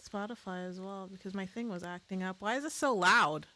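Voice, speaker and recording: A woman's voice: medium pitch, a little fast, bright, forceful tone. Woman, streamer, casual live-stream chat, swears freely, self-mocking. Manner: swears freely and laughs at her own slips.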